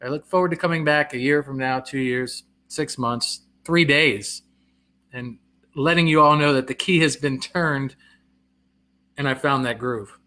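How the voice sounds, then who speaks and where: A man's voice: medium pitch, bright, forceful tone. A middle-aged man, a comedian, chatting casually on a live stream, reading viewer comments aloud, answering them and laughing at himself. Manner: self-deprecating, quick to laugh.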